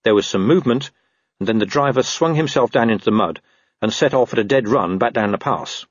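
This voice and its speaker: Male audiobook narrator, wry and animated; dry close mic. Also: medium pitch, fairly quick, no room sound, muffled recording. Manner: lively, wry storytelling. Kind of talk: scripted narration of a comic fantasy novel.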